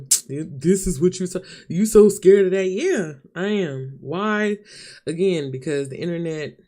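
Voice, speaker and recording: Chatty woman talking openly to her viewers. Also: sits low. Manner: chatty, open, addresses viewers as y'all and honey. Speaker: vlogger. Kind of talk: candid live-stream chat to viewers. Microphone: camera mic.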